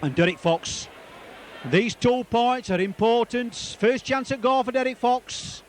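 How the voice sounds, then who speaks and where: A man giving live rugby league match commentary, excitable and rambling, repeating player names as the play moves. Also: extremely high pitch, unhurried, a little hiss or hum.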